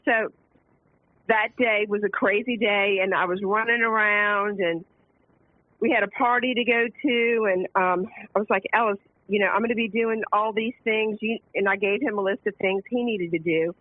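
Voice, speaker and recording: A woman calling in to a radio show, telling a family story in an animated way, laughing often and acting out the quotes. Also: medium pitch, normal speed, dry recording. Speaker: caller. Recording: phone line.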